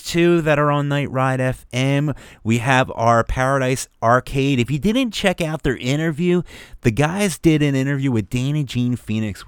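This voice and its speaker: A man co-hosting an internet radio show in casual, rambling chat, reading out shout-outs and chuckling often. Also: mid-range voice, clear, resonant tone, no echo, studio quality. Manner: laid-back, rambling, chuckles a lot.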